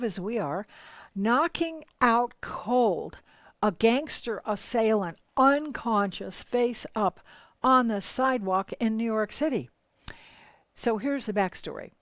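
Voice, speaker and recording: A woman storyteller recounting a spiritual tale with lively, dramatic delivery, at times dropping low and at times rising sharply. Her voice sits at an ordinary middle pitch, and the recording is dry, with no room echo. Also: unhurried.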